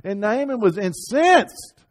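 A man preaching a Sunday sermon to his congregation, often repeating and restarting words and building to loud emphatic peaks. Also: sits high, sing-song, slow pace. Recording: sermon audio over slides.

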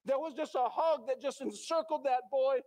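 A man's voice: extremely high pitch, moderate pace, darkish tone. A male pastor preaching a sermon in a church, telling a story dramatically and acting out the characters' lines.

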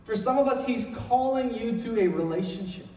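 A man's voice: very high-pitched, expressive, fairly quick, darkish tone, roomy sound, long reverb tail, recorded from a distance, slight background noise, low-quality recording. A middle-aged man preaching a sermon in church, with a conversational storytelling manner that climbs into emphatic calls. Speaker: pastor. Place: church sanctuary.

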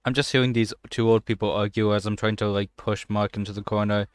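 A young man talks through a game in a smooth, resonant voice, recorded close and dry. He jokes, swears freely and jumps to excited yelps as he plays. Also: on the low side, fairly quick, no echo. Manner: excitable, swears often, jokey running commentary. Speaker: gaming channel host. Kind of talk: let's play commentary.

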